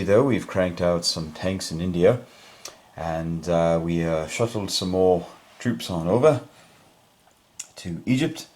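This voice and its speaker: A man's voice: deep voice, a little mellow. A man voicing an unflappable British officer with a put-on posh British accent, pompous and understated. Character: stiff-upper-lip British officer, unflappable.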